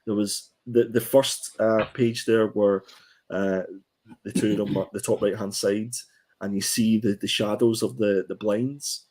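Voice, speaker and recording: Guy, lowish voice, chatty comic review, lots of ums and restarts. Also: level tone, measured pace, a little mellow. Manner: hesitant, many ums and restarts. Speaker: comic book podcast co-host. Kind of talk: casual review chat.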